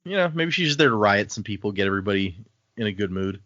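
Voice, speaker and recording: A man's voice: fairly low pitch, lively intonation, fast, a bit bright, no room sound. Man recapping a fantasy novel. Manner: recaps chapters, acts out character lines. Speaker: podcast co-host. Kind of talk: casual book-club chat. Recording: dull, dry home podcast mic.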